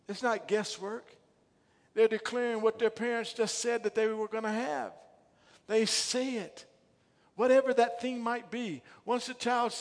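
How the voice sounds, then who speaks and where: A middle-aged male pastor preaching a sermon, swinging from quiet low asides to loud, emphatic repeated lines. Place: church sanctuary. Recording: long hall reverb.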